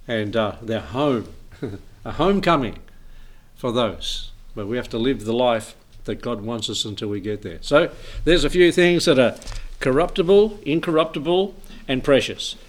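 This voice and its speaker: A man's voice: mid-range voice, measured pace. A man preaching an informal sermon, reading scripture and telling homely stories with frequent chuckles. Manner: chuckles often, relaxed storytelling.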